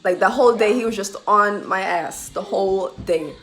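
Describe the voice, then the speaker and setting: A woman's voice: medium pitch, normal speed, over music. A young woman telling a personal story time in a casual, heated way, swearing and laughing through it. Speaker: vlogger telling a military story. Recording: loud background noise hiss.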